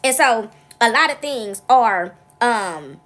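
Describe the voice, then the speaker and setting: A woman's voice: a little high, slow. A woman talking casually to her viewers in a rambling, frank monologue, often checking in with "right?". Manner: rambling storytelling, keeps asking "right?"; frank, animated venting.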